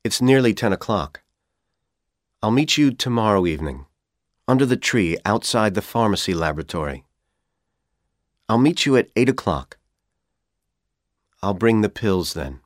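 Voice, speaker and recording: Man doing a scheming young college guy, calm coaxing tone, low voice, dry close sound. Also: moderate pace, pauses often, no room sound, lightly acted.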